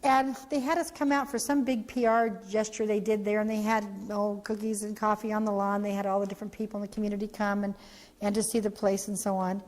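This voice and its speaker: A woman, an organization's founder, giving an animated storytelling talk for a training video, acting out the voices she quotes. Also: medium pitch, fast, big-room sound.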